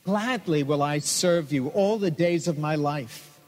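A man's voice: on the high side, unhurried, darkish tone, natural voice. A man voicing a grateful working man who speaks fervently and from the heart. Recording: long hall reverb.

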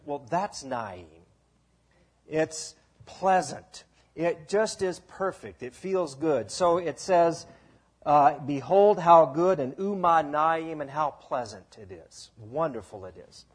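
A man teaching a Bible passage to a congregation in a slow, deliberate way, asking the listeners to repeat words after him. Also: a little high. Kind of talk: teaching sermon with sing-along.

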